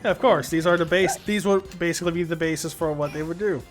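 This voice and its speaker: A man's voice: on the high side, fast talker, soft background music. A man hosting a casual gaming stream, swearing casually as he directs players. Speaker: stream host.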